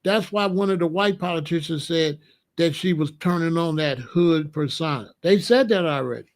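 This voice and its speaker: Blunt, high-voiced man ranting to viewers. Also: moderate pace. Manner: blunt, emphatic, talks straight to viewers. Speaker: commentator. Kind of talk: casual political commentary.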